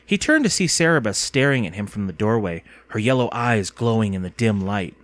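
A man narrating an audiobook with expressive storytelling. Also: fairly low pitch, a little fast, no room sound.

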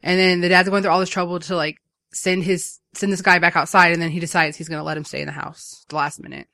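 Fast bright speaker recapping a movie. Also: medium pitch, creaky, no room sound, studio quality. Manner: rambling, animated retelling full of fillers. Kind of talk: casual chat.

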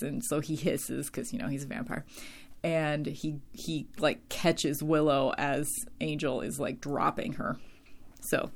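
A woman casually recapping a TV episode, rambling and filling her talk with "like" and "um," her voice tiring from long talking. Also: low-pitched. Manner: rambling, heavy use of "like" and "um".

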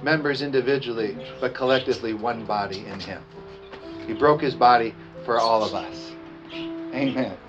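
A man preaching a communion sermon, reading scripture with emphasis and slowing down on the weighty phrases. He has the congregation repeat lines after him. The recording sounds dull and lo-fi, with music playing clearly underneath. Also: medium pitch. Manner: emphatic, slows down on key phrases. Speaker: pastor.

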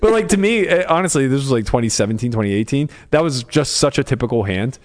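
A man's voice: mid-range voice, animated, fast. A young man on a podcast, casually telling a poker story, swearing freely and acting out both sides of the hand. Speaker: podcast co-host.

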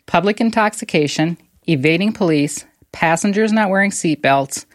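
A woman's voice: fairly low pitch, normal speed. A woman co-hosting a podcast, reading out odd news stories and often breaking into laughter. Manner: reads aloud, breaks into laughter.

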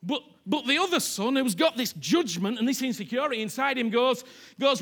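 A man preaching a sermon, impassioned, repeating phrases and swinging from hushed near-whispers to loud pleas. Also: very high voice, lively intonation, brisk.

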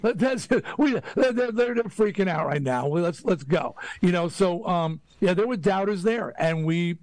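Fired-up high-voiced man, bragging. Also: expressive, normal speed, darkish tone, dry recording. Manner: boastful, fired-up, emphatic. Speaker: rock band musician. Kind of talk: casual podcast conversation.

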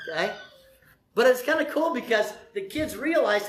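A man preaching a lively, joking sermon, acting out short quotes as he goes. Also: extremely high pitch, moderate pace, echoey room. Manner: animated, jokey preaching with acted-out voices. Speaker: pastor.

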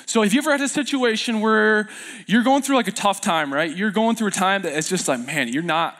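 In a church sanctuary, a young male pastor preaches a sermon in a high, slightly fast, somewhat bright voice. He tells stories loosely and self-deprecatingly, with fillers and restarts.

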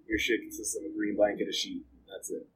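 A man's voice: lowish voice, flat delivery, a little fast, background noise. A man being interviewed, telling his own story in a blunt, profane, rambling way with lots of filler words. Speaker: interview guest. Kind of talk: candid storytelling about jail and addiction.

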